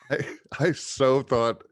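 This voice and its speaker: A man's voice: medium pitch, steady tone, very slow, dry recording. A man appearing as a podcast guest, rambling through crude jokes and often laughing as he talks. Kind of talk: casual comedy podcast chat.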